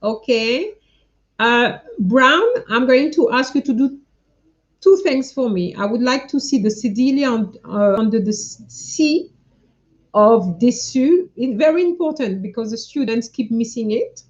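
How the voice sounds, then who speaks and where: A woman teaching French over a live stream, talking slowly and patiently as she corrects each student's answers in turn. Her voice sits fairly high. The sound is a little dull and lo-fi, as from a computer mic. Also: expressive. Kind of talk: live online lesson.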